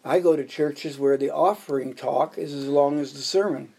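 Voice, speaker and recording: A man preaching in a church, voice pitched a little high with a gravelly, husky edge. He delivers a sermon laced with joke stories and ticks through numbered points one by one. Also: normal speed, warm tone. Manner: jokey storytelling, counting off points. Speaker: pastor.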